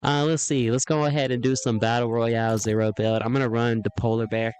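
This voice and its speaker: A man streaming a video game, rambling and joking in casual live chat, chuckling and clearing his throat often. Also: medium pitch, level tone, a little fast, a little mellow.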